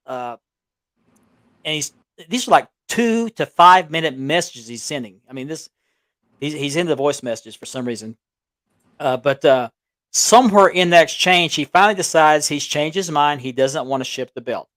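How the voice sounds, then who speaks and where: A man with a slightly high voice tells a long, rambling story on a remote call, restarting his sentences and chuckling as he goes. His voice sounds close and dry, with no room echo. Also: normal speed, fairly bright tone. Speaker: belt collecting show co-host. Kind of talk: casual storytelling chat. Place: small town home. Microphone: remote call with audio delay.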